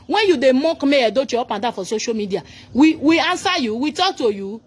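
A Nigerian woman commentator with a Nigerian accent angrily rants about a celebrity, scolding and mocking while switching into pidgin. Her high, husky voice has lively intonation and a fairly quick pace.

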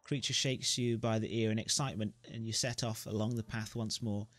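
A man's voice: fairly low pitch, steady tone, a little fast, fairly bright tone, dry recording. Man reading a story game aloud. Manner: reads narration with joking asides. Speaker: gamer.

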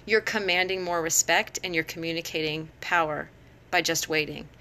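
A woman's voice: deep voice, fairly even intonation, normal speed, pushed and bright. A middle-aged woman giving casual, conversational teaching advice on a live stream, laughing often between points. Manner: conversational, frequent laughs and fillers. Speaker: teacher and education blogger. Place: home, live phone broadcast.

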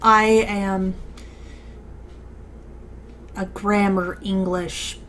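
Woman host for game commentary, slow and halting delivery, faint hiss in the background. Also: medium pitch, level tone, fairly bright tone. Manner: hesitant, rambling with many fillers and restarts. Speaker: let's play commentator. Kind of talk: casual gameplay commentary.

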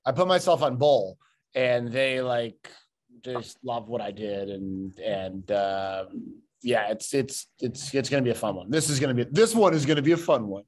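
A man, an actor on a panel, telling jokes in a deadpan way. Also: mid-range voice, moderate pace. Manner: deadpan joking. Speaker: actor and guest. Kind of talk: panel interview banter.

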